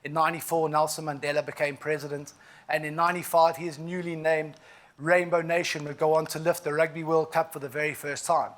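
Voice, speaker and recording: A man from South Africa speaks with a clear South African accent in a voice that sits a little high for a man. He tells his own story as an inspirational keynote, in an emphatic, storytelling way full of asides. He sounds about forty. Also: little pitch movement, fairly quick, a bit bright.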